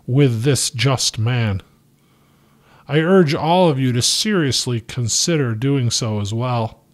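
Man reading as a resolute, slow-preaching small-town pastor. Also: medium pitch. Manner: firm, measured preaching with emphatic rises. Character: steadfast male small-town pastor defying the government. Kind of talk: sermon from the pulpit, read from a novel.

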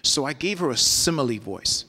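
New solo performer, casual lecture, mid-pitched voice, echoing hall. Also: male voice, lively intonation, normal speed, sharp tone, husky. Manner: conversational, loose, asks audience "right?". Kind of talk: university lecture with storytelling. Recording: long hall reverb.

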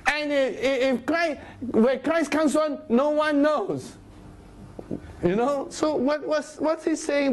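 A man teaching a Bible study sermon, animated, sometimes dropping into low, grave tones. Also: takes it slowly. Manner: animated, acts out crowd voices in a raised voice; drops to low, grave tones for solemn points.

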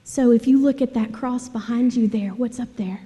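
A woman leading a children's sermon, animated and asking the kids questions. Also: a little high, normal speed. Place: church sanctuary. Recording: long church hall reverb.

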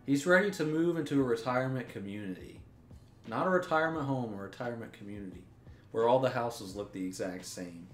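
In an expressive, medium-pitched voice, a young gaming YouTuber talks fairly quickly through his gameplay, ranting with exasperation. He curses and restarts sentences, and the audio carries a roomy echo plus faint music.

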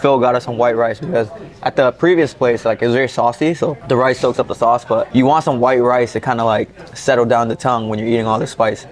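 A man's voice: medium pitch, fairly even intonation, fast. Man hosting a casual food tour vlog. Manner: enthusiastic, tasting and reacting aloud. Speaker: food vlogger host. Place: restaurant dining table.

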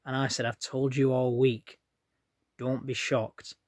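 A man's voice: medium pitch, level tone, a little slow, darkish tone, no echo, clean studio sound. A man telling a rambling personal story straight to his viewers in a chatty, plain-spoken way. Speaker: vlogger. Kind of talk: casual storytelling to camera.

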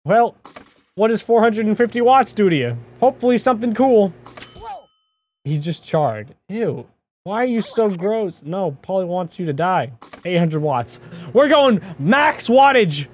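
An excitable man giving let's play commentary, his voice sitting high and swinging widely in pitch. He chats to the game character and breaks into sudden exclamations. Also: slight background noise. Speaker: gaming channel host.

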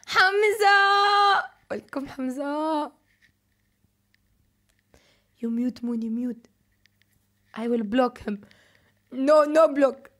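A woman's voice: sits high, extremely slow, long pauses, darkish tone. A woman hosting a casual livestream, chatting playfully with viewers in simple broken English and laughing often. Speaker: livestream host.

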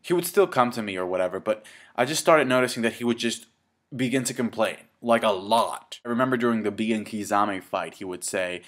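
A man's voice: lowish voice, a little fast, fairly bright tone. Rambling, profane young man telling a story. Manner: rambling, profane, with many fillers and restarts. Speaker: vlogger. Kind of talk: casual storytelling.

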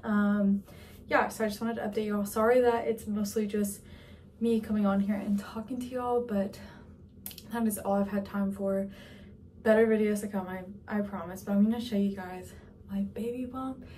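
A woman's voice: medium pitch, fairly even intonation, normal speed, a little mellow, far from the mic, slight background noise. A young woman from Georgia, a little out of breath, chatting through a casual vlog update from her office. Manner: chatty, rambling with fillers. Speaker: vlogger. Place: office at work.

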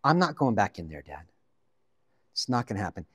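Bitter elder son, as a preacher puts him on. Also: male voice, on the low side, sing-song, a little fast, a bit bright, slightly rough, voice pushed down, exaggerated voice. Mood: resentful. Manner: sulky, bitter complaints. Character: resentful dutiful elder son, young man.

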